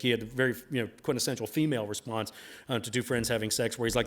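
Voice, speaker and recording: This man is an author sharing stories live at a book event, talking fast in a medium-pitched voice with fairly even intonation. The delivery rambles, is packed with repeated filler phrases, and features self-deprecating jokes he laughs at himself.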